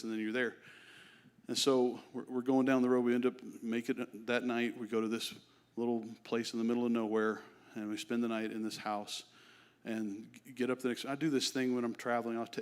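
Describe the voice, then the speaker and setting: Man, middle-aged, church speaker, animated storytelling, self-deprecating. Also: medium pitch. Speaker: guest speaker. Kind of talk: sermon testimony.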